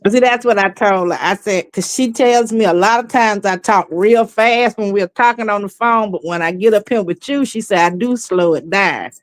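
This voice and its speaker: A woman from the American South with a Southern accent, a fast-talking, easygoing guest in a casual chat. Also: mid-range voice, no echo.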